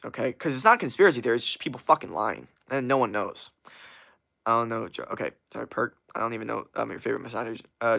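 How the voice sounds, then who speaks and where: A man's voice: mid-range voice, creaky, pushed and bright. A young man hosting a livestream, answering chat in a blunt, profane, rambling rant that repeats itself. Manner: blunt, profane, talks fast in bursts and repeats himself. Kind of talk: casual unfiltered rant.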